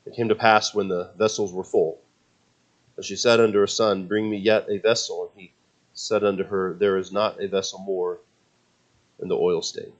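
A man preaching a sermon. He tells the story with animation, acts out the characters' words, and repeats and restarts phrases when he gets excited. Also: sits low, normal speed, lo-fi sound.

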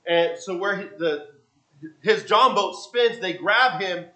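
A man preaching a sermon, often repeating and restarting his phrases, and moving between soft low asides and loud bursts. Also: slow, low-quality recording.

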